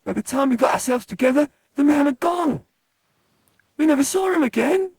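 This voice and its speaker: A performer voicing an animatronic that tells a spooky tale slowly and dramatically in a raspy voice. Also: high voice, lively intonation, a little mellow, no echo. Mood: dramatic. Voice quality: very raspy and creaky. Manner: slow, dramatic tale-telling. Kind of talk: fan voice acting of a poem.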